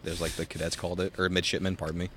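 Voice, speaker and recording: A man's voice: deep voice, flat delivery, very fast, fairly bright tone, a little hiss or hum. A young man casually telling a long story, rambling with lots of swearing and filler words, outdoors in a backyard. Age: young adult. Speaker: podcast co-host.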